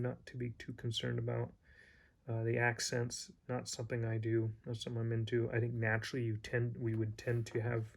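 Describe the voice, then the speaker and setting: A man's voice: mid-range voice, vocal fry, darkish tone. A man teaching a casual lesson, rambling and hesitant with many fillers and restarts. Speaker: Greek teacher.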